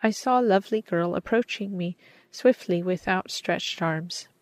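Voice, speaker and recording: Woman narrator, lowish voice, measured and earnest, dry close recording. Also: no echo. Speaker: audiobook narrator. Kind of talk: scripted narration.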